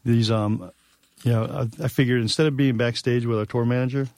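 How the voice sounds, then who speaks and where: A man's voice: medium pitch, fairly even intonation, a little fast, a little mellow, no echo. A man telling a long tour story in a casual chat, rambling and profane, with many fillers. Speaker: guest musician.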